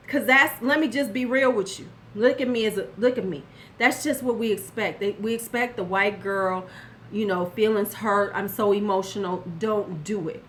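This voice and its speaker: At a measured pace, an older woman with a mid-range, fairly bright voice offers blunt, sassy beauty advice directly to the viewer in a casual commentary vlog, answering chat from time to time. There's a little hiss or hum in the sound.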